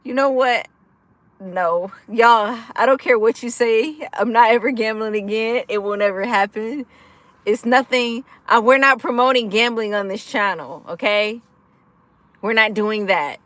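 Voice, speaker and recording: A woman hosting a casual livestream, energetic and giggly, laughing often while she chats with viewers and answers their comments. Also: on the high side, a little slow, dry recording. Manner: chatty, with frequent fillers like "like" and "y'all". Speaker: livestream host of a gambling recovery channel.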